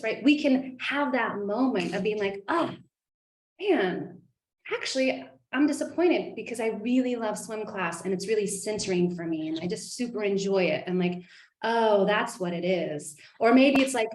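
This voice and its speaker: Animated woman coach, echoey room. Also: medium pitch, normal speed. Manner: earnest, animated, acts out inner voices. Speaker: life coach. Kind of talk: group coaching call.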